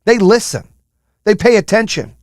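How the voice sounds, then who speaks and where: A man hosting a podcast, giving an intense, profane motivational monologue in a high-strung, high-energy way. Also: big pitch swings, moderate pace, darkish tone, dry recording, clean studio sound. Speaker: podcast host.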